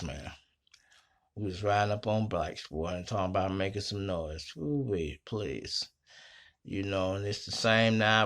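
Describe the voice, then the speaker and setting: Bright-voiced man telling street stories. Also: fairly low pitch. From Chicago. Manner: profane, slangy, animated retelling. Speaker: host. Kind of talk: casual storytelling monologue. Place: small home studio.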